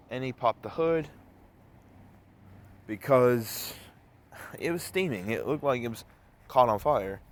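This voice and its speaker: A man's voice: mid-range voice, a little hiss or hum. A man casually telling a rambling story to the camera, with many fillers and restarts. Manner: rambling, filler-heavy retelling. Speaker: vlogger.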